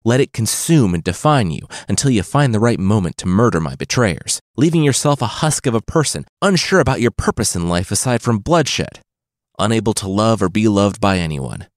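A man voicing a blunt Viking king with a deadpan, offhand delivery. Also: lowish voice, moderate pace, dry recording, studio quality, lightly acted.

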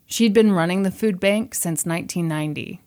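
A woman's voice: on the low side, a little fast, darkish tone. Woman co-hosting a chatty podcast. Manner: storytelling, reading out quotes, joking asides. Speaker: podcast co-host. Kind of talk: casual chat.

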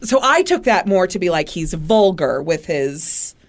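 Woman podcast co-host, relaxed chat, slow delivery, wide pitch swings. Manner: unhurried, chiming in, laughs easily. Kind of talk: casual chat.

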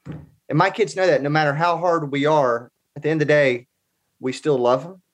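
A man's voice: a little high, fairly even intonation, normal speed. A man in his forties telling personal stories as a guest in a casual interview, in an earnest, conversational way. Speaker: podcast guest.

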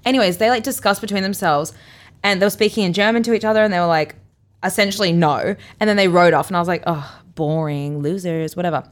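An Australian woman in her twenties or so tells a story in a relaxed podcast chat, her voice at an ordinary middle pitch. She slips into quoted lines with sudden high jumps and laughs her way through the tale. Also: fast. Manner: animated, acts out quotes with big jumps in pitch, laughs often. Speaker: podcast co-host.

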